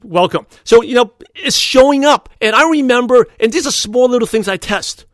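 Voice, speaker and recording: Guy with a high voice rattling off a story, dry close sound. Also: dry recording. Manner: animated, quotes people in quick back-and-forth. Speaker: podcast host. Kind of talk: casual storytelling monologue.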